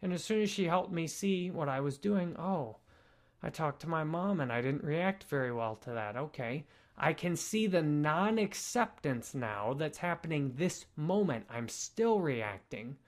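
A young man talking to camera at home in a calm, earnest and gently explanatory way. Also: a little high, a little slow. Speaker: spiritual vlogger. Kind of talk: reflective talk to camera.

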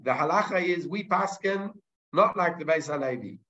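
A man with a fairly high, bright voice teaches a Talmud class as a Torah teacher, animated and forceful at a moderate pace. He builds the argument step by step, mixing Hebrew terms into his English and restarting sentences along the way. The lo-fi recording sounds dull, with slight background noise.

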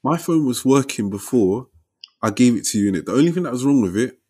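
A young man tells a story in casual chat. His voice is husky and mid-pitched. He talks in lively, slangy bursts and tags his lines with "innit". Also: quick pace.

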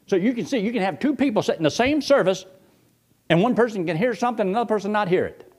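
Male preacher, folksy storyteller, chuckling, pitch swinging widely as he talks to the pews. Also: fast talker. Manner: animated, chuckling, folksy, talks straight to the congregation. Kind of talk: storytelling sermon to a congregation.

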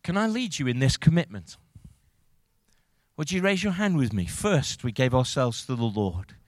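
A male pastor preaching a sermon, moving from quiet reflection to loud, rousing calls to the congregation. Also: medium pitch, very animated, normal speed, dry recording, studio quality.

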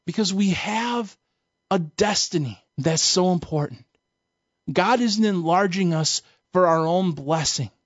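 A Bible teacher with a slightly high voice preaches a sermon-style lesson at a measured pace, emphatic and casual as he tells stories. The recording is close, dry, and dull, with a muffled quality and no room echo.

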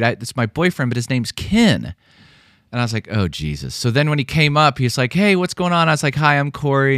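A man's voice: mid-range voice, fairly bright tone, no room sound, studio quality. A man co-hosting a casual podcast, telling stories full of fillers and restarts. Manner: rambling storytelling with many fillers and restarts. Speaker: podcast co-host.

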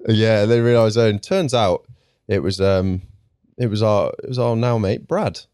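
Animated male podcast host, low voice. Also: unhurried, smooth, no echo, studio quality. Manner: animated storyteller, acts out quotes. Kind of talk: casual chat.

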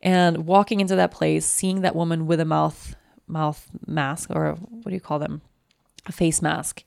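A woman with a low voice and heavy vocal fry tells an anxious personal story. She rambles and restarts her sentences often. The recording is dry and close. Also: steady tone, measured pace, darkish tone, dry recording. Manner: anxious and shaken.

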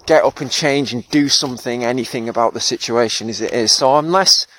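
A man's voice: mid-range voice, brisk, a bit bright, no room sound. A man hosting a solo podcast, reflecting in a thoughtful, self-deprecating way with fillers and frequent laughs. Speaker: podcast host and therapist.

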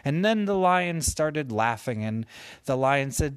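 A man slowly making up a gentle bedtime story for his child, with playful voices for the characters. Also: medium pitch, lively intonation, clean tone, no echo. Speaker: parent telling a bedtime story.

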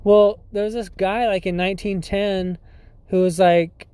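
A man's voice: high voice, steady tone, measured pace, dark tone, clean tone. A man hosting a podcast, telling a story in a rambling casual way with lots of likes, dudes and swearing, often laughing. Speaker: podcast host.

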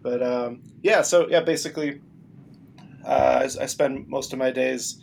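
Gravelly-voiced rambling podcast guest. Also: male voice, medium pitch, unhurried, darkish tone, a little hiss or hum. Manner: rambling, filler-heavy. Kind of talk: casual chat.

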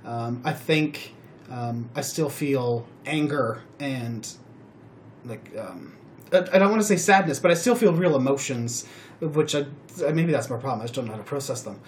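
A man hosting a podcast, telling personal stories in a rambling, animated way with many fillers. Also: medium pitch, normal speed, a little hiss or hum. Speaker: podcast host. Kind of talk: casual chat.

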